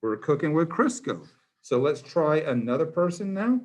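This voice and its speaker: A man's voice: a little high, sing-song, normal speed. A man, a biology teacher in his classroom, quizzing students by name in a playful, encouraging way. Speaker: high school biology teacher.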